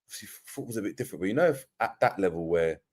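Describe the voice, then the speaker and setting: A man's voice: low voice, very fast. Slangy young man riffing. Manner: animated storyteller, slangy, laughs into his own bits. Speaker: co-host. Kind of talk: casual football podcast banter.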